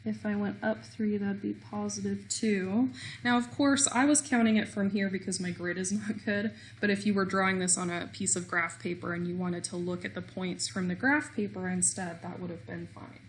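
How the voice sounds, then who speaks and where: A woman's voice: medium pitch, steady tone, moderate pace, slight background noise. A woman teaching a recorded math lesson, explaining step by step with small self-deprecating jokes.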